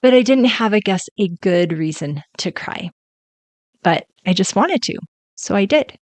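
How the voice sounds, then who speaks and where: A woman's voice: medium pitch, animated, a little slow, darkish tone, dry recording. A woman in her forties hosting a solo podcast as a life coach, talking in a chatty, conversational way. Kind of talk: casual solo podcast talk.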